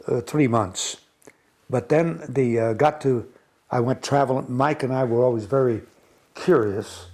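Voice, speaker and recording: A man's voice: medium pitch, darkish tone, breathy edge. A man in his nineties from the United States, telling old war memories in a rambling way, chuckling and restarting often. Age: 90s. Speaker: interviewee recounting war memories. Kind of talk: oral history reminiscence.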